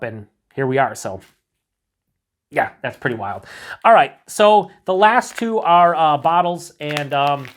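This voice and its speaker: A man's voice: a little high, very animated, a little slow, a bit bright. Chatty man rambling over beer cans. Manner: enthusiastic, rambling, thinking aloud. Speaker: beer reviewer. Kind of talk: casual unboxing chat.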